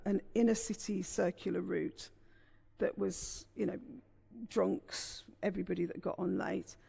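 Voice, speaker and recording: A woman's voice: medium pitch, gravelly, slightly rough. A middle-aged woman from England, an author being interviewed on a festival stage, telling family stories candidly. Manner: candid storyteller, animated. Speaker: author guest. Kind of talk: conversational interview.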